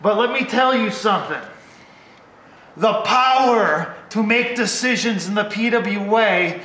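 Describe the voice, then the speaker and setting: Wrestler, slow and threatening, bright high voice, echoey room. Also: male voice, slight background noise. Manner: menacing, theatrical. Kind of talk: wrestling promo.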